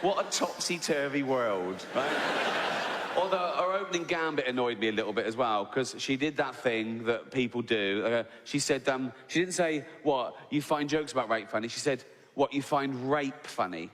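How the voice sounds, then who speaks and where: A middle-aged comedian performs stand-up in a large theatre, his medium-pitched voice animated and fairly bright at a moderate pace. Heavy swearing and raised voices mark his acted-out arguments from both sides, with hall reverb and crowd sounds in the live recording.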